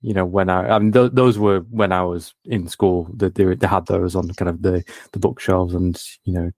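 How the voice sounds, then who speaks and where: A man with a very low voice answers interview questions about his work. He talks modestly and hesitantly, hunting for words, and the recording sounds dry and close. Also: fairly even intonation, normal speed, darkish tone, no echo. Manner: hesitant, lots of fillers and restarts, modest. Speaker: guest, game designer.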